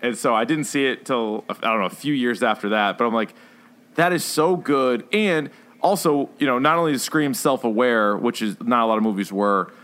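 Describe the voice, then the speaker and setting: A man in his late thirties co-hosting a podcast, animated and excitable, swearing freely in casual chat. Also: medium pitch, a little fast, hardly any pauses. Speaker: podcast co-host.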